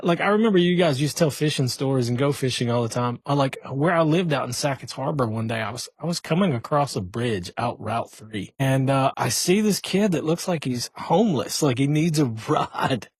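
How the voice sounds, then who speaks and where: A man who is a guest on a podcast, telling a quick story in casual chat. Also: mid-range voice, animated, slightly rough, dry recording, clean studio sound.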